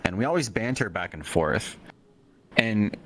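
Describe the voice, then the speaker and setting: A man's voice: fairly low pitch, lively intonation, a little slow, fairly bright tone. A man as an interview guest on a livestream, laid-back, laughing often and rambling through answers.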